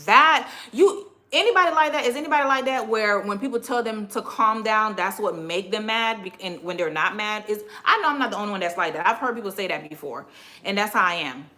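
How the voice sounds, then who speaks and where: Here the Miami, Florida livestream host talks a little fast in a mid-range voice. She's a woman with a Caribbean-American accent, chatting as she cleans, blunt and profane, spinning lively stories.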